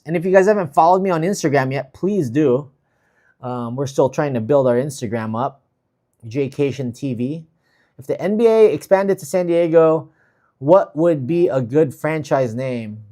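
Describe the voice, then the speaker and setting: Reading out viewer comments on his travel livestream, this man keeps things easygoing and chatty, handing out shout-outs between plenty of fillers. He speaks at normal speed in an animated voice that runs on the high side.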